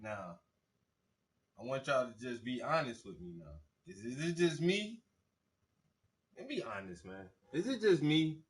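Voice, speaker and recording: A man talks loose and slangy, getting worked up as he hypes an artist in a casual reaction. His voice sits at an ordinary middle pitch, neither deep nor high. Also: a little slow, pauses often, husky. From South Carolina. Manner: excitable, slangy, hyping up the artist. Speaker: host reacting to music.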